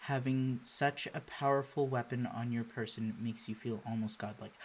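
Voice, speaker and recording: A man's voice: mid-range voice, steady tone, normal speed, hardly any pauses, husky. A young man playing a video game with a friend, reading the on-screen text aloud with a wry, playful manner. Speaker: let's play host.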